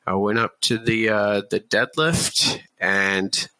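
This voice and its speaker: A man's voice: lowish voice, slow pace, sharp tone, no room sound. A man in his thirties telling a story on a podcast in a laid-back, casual way, with plenty of fillers and swearing. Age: 30s. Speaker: podcast guest.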